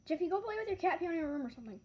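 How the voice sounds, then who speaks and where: A woman's voice: very high voice, expressive, racing, dull audio, pitched above the performer's own voice. A woman voicing an exasperated father scolding his son in a homemade puppet parody, impatient and cranky.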